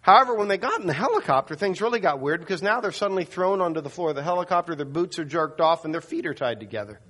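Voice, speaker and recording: Storytelling pastor, man, higher voice. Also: expressive, fast talker, a bit bright. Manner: storytelling, voices quoted people with rising pitch. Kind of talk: sermon with a dramatic story.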